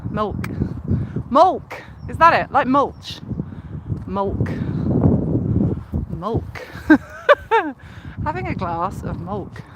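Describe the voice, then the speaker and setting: A young woman from Leicestershire with a softened Leicestershire accent, chatting on a live stream while walking a cycle path, enunciating carefully and giggling. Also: medium pitch, big pitch swings, takes it slowly, pauses often. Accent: Leicestershire English, toned down. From Leicestershire, England. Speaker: livestreamer. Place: outdoors on a riverside cycle path. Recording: loud outdoor noise, wind and traffic.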